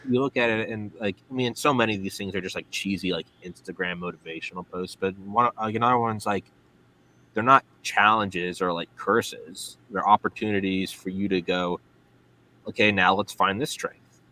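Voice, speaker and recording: A man's voice: sits low, moderate pace, bright, forceful tone, a little hiss or hum, rough recording. A man hosting a podcast, reflecting earnestly in casual talk and peppering his speech with "like". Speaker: podcast host.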